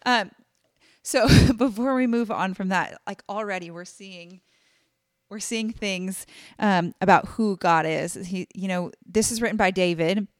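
A woman's voice: medium pitch, a little slow, no room sound, studio quality. A woman co-hosting a casual Bible study podcast, talking earnestly with many fillers. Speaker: podcast co-host.

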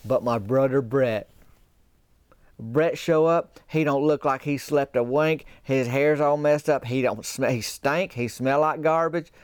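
A man's voice: medium pitch, a little slow, clear, resonant tone, dry recording, clean studio sound. A man telling a comic story in a folksy, rambling, drawling way. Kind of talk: comedic storytelling.

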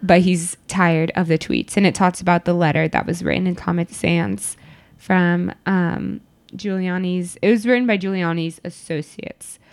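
A woman's voice: lowish voice, steady tone, moderate pace, a little mellow. A young woman co-hosting a casual podcast, reading news aloud with a giggly mock newscaster flair. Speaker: podcast co-host. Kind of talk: casual chat.

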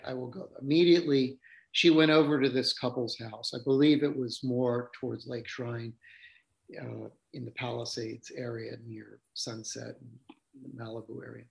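A man who teaches yoga, recalling his spiritual teachers and telling stories in an unhurried, reflective way with pauses to gather his thoughts. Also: mid-range voice, vocal fry.

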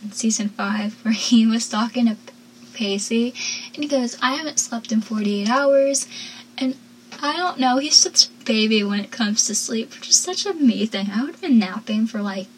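A woman's voice: fairly high pitch, moderate pace, a little hiss or hum, poor audio. A young woman talking casually about a TV episode, rambling and chatty, sounding tired. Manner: chatty, rambling, with frequent laughs. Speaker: TV show recapper.

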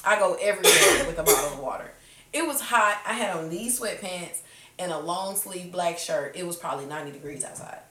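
A woman podcast host in a loose chat with friends, telling a story with big energy and putting on quick voices for the people in it. She swears freely and never slows down for polish. The sound is roomy and a bit distant from the mic. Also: lowish voice, a crowd in the background.

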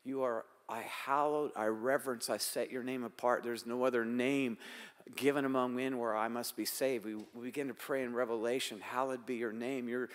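A man's voice: medium pitch, steady tone, moderate pace. An older man, a pastor, preaching a sermon and asking the congregation rhetorical questions while quoting prayers aloud. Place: church sanctuary. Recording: long hall reverb.

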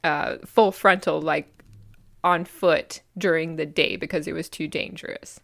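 A woman's voice: low-pitched, fairly even intonation, unhurried, gravelly, a bit bright, dry recording, studio quality. An American woman co-hosting a podcast, chatting casually about history with many fillers and frequent laughs. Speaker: podcast co-host.

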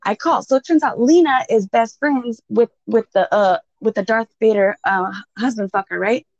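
A woman's voice: fairly high pitch, moderate pace, a little mellow, no echo. Profane, laughing woman telling a wild story. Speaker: podcast co-host. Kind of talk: casual storytelling chat. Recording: dull, dry lo-fi sound.

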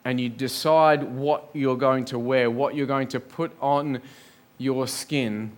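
A man's voice: medium pitch, steady tone, slow pace. A man preaching a sermon in a church, earnest, building up lists and rhetorical questions. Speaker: pastor.

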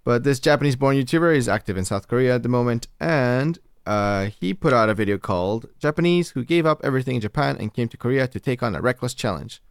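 A man co-hosting a podcast in casual chat, easygoing and halting. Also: mid-range voice, lively intonation, smooth, no echo, clean studio sound. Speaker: podcast co-host.

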